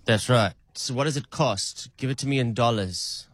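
A man's voice: mid-range voice, moderate pace, dry recording. A man calling an AI agent, asking playful, teasing questions in a casual chat. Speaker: caller testing an AI agent.

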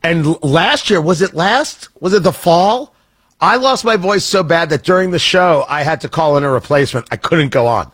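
A man's voice: fairly high pitch, expressive, normal speed, a bit bright, slightly rough, no room sound. A man hosting a radio morning show, bantering and teasing his co-hosts in a casual, joking way. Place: radio studio.

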